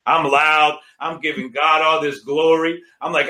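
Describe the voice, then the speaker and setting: A man's voice: a little high, flat delivery, normal speed, hardly any pauses, bright, forceful tone, roomy sound. A man sharing a personal faith testimony, emphatic and retelling conversations line by line. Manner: emphatic, retells dialogue with many "she says".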